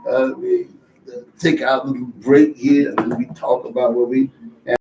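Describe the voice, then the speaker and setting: A man's voice: mid-range voice, steady tone, normal speed, vocal fry, lo-fi sound, heavy background noise. A man hosting a morning radio talk show, chatting casually and laughing often, with some repeated words.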